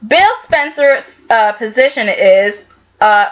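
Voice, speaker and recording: Sassy high-voiced woman recapping a soap. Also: lively intonation, a little slow, pushed and bright, dull audio. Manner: sassy, talks back to the characters. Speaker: soap opera reviewer. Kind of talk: casual recap and commentary.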